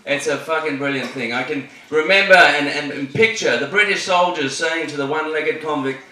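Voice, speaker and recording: A man's voice: fairly high pitch, brisk, bright, forceful tone. Brash profane Australian stand-up man. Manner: brash and profane, punchy delivery. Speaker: stand-up comedian. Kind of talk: stand-up comedy set. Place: comedy club stage. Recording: echoey club from a distance, noisy.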